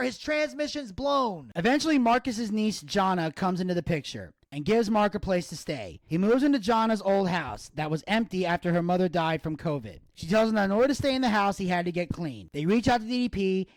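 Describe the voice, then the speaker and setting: Fast-talking high-voiced man telling a story. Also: no echo. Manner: animated, acts out quoted voices. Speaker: podcast co-host. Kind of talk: casual storytelling.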